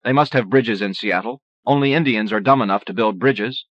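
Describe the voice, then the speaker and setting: A mellow, easygoing man, as played by a male audiobook reader, speaks in a laid-back, slightly distracted way. His voice stays low and even. The recording is dry and dull, like old cassette audio. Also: fairly quick, dry recording.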